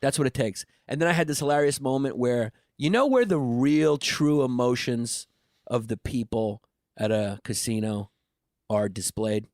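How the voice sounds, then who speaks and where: Comedy podcast co-host, male, mid-pitched, rambling deadpan storyteller who swears freely, close mic, dry sound. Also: moderate pace, no echo. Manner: rambling, profane, deadpan absurd riffs. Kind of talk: casual comedy podcast chat.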